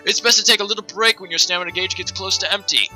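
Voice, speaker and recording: A man's voice: sits high, fast, bright, forceful tone, soft background music, voice pushed up, low-quality recording. A man voicing an eager, friendly young male knight trainee in a video game, cheerful and instructive.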